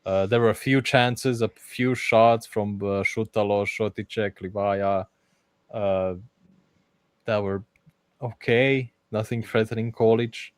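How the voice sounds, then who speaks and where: A man hosting a casual football podcast, talking in an animated way and often restarting his sentences. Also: on the low side, slow, clean tone, no echo. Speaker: podcast host.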